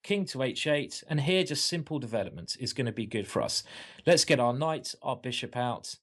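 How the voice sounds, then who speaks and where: An enthusiastic man gives a chess lesson, stepping through moves with a playful eagerness. His voice sits at an ordinary middle pitch, and he sounds like he enjoys the wild lines he is showing. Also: animated, moderate pace. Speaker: chess coach.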